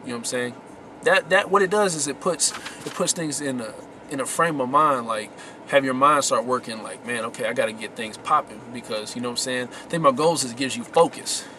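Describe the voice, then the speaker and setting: Briskly and in a pushed, bright mid-range voice, a male vlogger offers his viewers casual tips on success, with a bit of hiss or hum behind him. He talks to camera with slang and emphasis, repeating the words that matter most.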